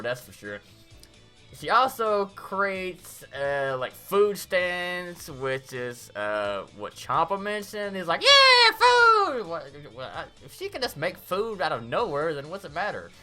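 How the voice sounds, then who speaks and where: A woman giving a casual, rambling review of a cartoon episode, recapping scenes in a chatty way. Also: low-pitched. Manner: rambling, animated recap with quick acted-out quotes.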